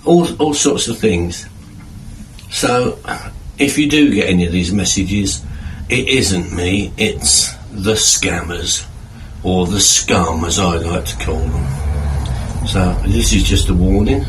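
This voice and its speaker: A man in a garden shed chatting casually to camera with dry, deadpan humor, rambling and repeating his words. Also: sits low, slow, pauses often, a little hiss or hum, rough recording. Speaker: video creator.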